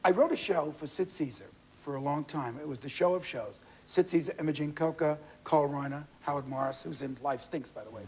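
A man in his sixties, a guest comedian on a TV talk show, telling stories with animated delivery and put-on voices. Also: fairly high pitch, brisk, few pauses, slight background noise. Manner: animated, shouting punchlines, mimicking voices. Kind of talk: comic storytelling on a talk show. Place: TV studio with audience.

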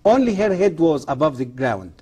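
A man, the guest of an interview, gives his testimony and then preaches straight to the camera. He speaks earnestly, in halting English with broken grammar. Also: on the high side, sing-song, mellow, breathy edge. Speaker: guest, former Islamic professor.

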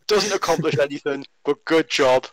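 A man's voice: fairly high pitch, normal speed, rough recording. A man with a Northern English accent rambling and joking in a casual chat among gamers. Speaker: player.

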